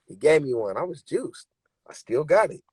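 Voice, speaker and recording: Young male rapper, husky voice, dry close sound, emphatic streetwise storyteller. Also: fairly high pitch, sing-song, moderate pace, no room sound. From Bay Area, California. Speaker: rapper and interview guest. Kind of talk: candid interview talk.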